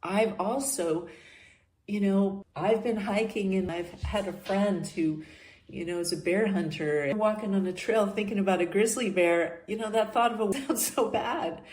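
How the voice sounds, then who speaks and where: A woman's voice: medium pitch, moderate pace, a little mellow. An older woman hosting a podcast, talking earnestly through a personal monologue and often trailing off and restarting. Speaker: podcast host. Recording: echoey room.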